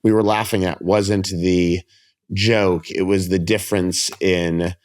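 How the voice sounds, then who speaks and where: A man with a somewhat low voice chats as a podcast guest. He tells stories in a loose, rambling way, often restarting his sentences and briefly acting out what other people said. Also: flat delivery, slow pace, a little mellow. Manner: rambling storyteller, restarts, acts out quotes. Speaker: comedian guest. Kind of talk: casual podcast chat.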